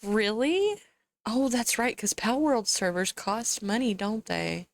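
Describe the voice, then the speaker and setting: A woman's voice: fairly high pitch, animated, measured pace, no echo. A young woman streaming a game, chatting casually with her viewers and laughing often as she plays. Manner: chatty, laughs often, talks to chat and to herself. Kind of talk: casual live-stream chat while gaming.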